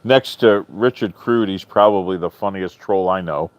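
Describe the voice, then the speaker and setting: A man hosting a live stream in casual chat, answering viewers' comments in a chatty, animated way, swearing freely and often laughing. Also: low voice, normal speed, dry recording. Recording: dull lo-fi stream audio, dry.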